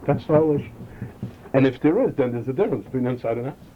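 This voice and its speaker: Animated man giving a Torah lecture, lo-fi. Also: mid-range voice, very fast. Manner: animated, repeats and restarts phrases. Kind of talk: Chassidic lecture. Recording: dull lo-fi recording with faint noise.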